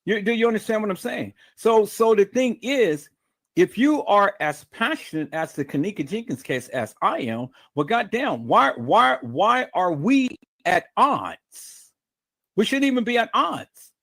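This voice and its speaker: A man's voice: high voice, sing-song, unhurried, a bit bright. Furious profane man ranting on a livestream. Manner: profane, combative, repetitive stammering restarts. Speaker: livestream host. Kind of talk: angry livestream rant. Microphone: streaming mic.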